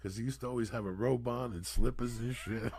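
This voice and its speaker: A man's voice: medium pitch, steady tone, fairly quick, creaky, darkish tone, a little hiss or hum. A man in his sixties, a podcast guest telling long, profane, rambling stories in a casual way. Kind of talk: casual storytelling.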